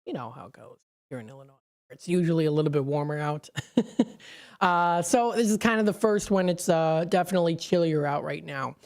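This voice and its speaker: A woman's voice: low voice, lively intonation, fairly quick, darkish tone. Chatty local radio host woman. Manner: chatty, rambling, frequent fillers and laughs. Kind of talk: casual live radio chat. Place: radio studio. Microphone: studio microphone.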